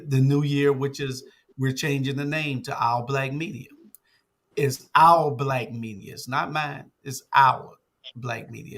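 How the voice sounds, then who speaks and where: An older man who runs a media network, talking casually on a talk show with many "uh" and "um" fillers. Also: mid-range voice. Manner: relaxed, uses many fillers like "uh" and "um".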